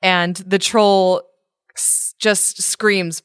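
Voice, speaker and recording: A woman's voice: lowish voice, normal speed, fairly bright tone, no room sound. Woman co-host, casual chat, wry, amused, laughing often, dry close sound. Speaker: podcast co-host reading a story. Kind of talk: casual chat with story reading.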